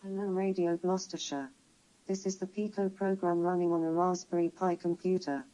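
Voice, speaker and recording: A computer playing a dull, flat synthetic woman. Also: fairly low pitch, moderate pace. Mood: even. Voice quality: smooth synthetic voice. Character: modern female speech synthesizer, even and friendly. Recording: played from a computer speaker.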